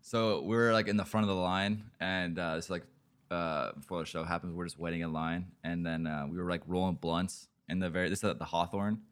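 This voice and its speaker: Very deep-voiced man telling rambling stories. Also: fairly even intonation, brisk. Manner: rambling, profane storytelling with many fillers. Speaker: podcast host. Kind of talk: casual podcast chat.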